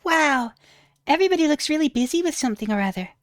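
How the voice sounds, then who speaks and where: A woman's voice: high voice, lively intonation, quick pace, slight background noise. A woman voicing a polite, earnest young girl asking curious questions in a game playthrough.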